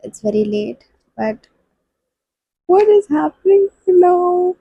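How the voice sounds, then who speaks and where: A woman book vlogger giving soft, halting and emotional reactions while reading. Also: extremely high pitch, very animated, no room sound, dull audio.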